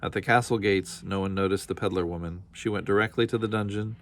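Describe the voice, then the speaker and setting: Low-voiced man reading a storybook. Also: steady tone, fast, a bit bright, a little hiss or hum. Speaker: storybook reader. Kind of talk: children's storybook read-aloud.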